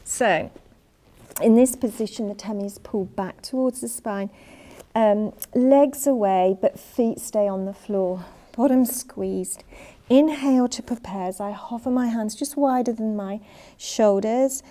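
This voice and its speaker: A woman instructor leading an online Pilates class, calmly cueing and counting reps, slightly out of breath as she exercises along. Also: fairly high pitch, a little slow. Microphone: worn mic.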